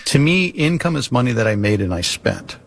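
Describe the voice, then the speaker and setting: A man's voice: mid-range voice, sing-song, brisk. A man hosting a financial radio show, chatting casually and explaining money matters with plain examples.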